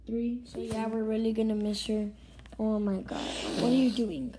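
Halting, emotional female vlogger. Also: on the high side, fairly even intonation, noisy background. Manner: emotional, halting, drops to whispers. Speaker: channel host. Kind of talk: casual vlog chat.

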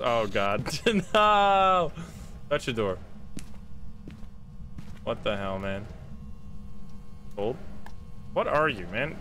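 A man's voice: medium pitch, a bit bright. A man streaming gameplay live, talking to his chat, swearing and laughing at his own bad luck. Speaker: streamer playing a ghost-hunting game.

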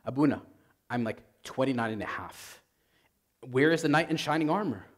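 A man voicing an anxious young single woman nearly thirty who pleads with her priest in a rushed, raised voice. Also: fairly high pitch, natural voice. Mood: frantic pleading.

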